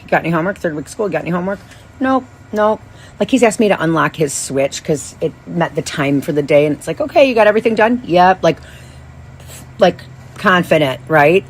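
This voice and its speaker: A woman in her thirties, a podcast host, telling a rambling, animated story with many restarts and asides. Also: sits low, breathy edge. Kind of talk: casual storytelling monologue.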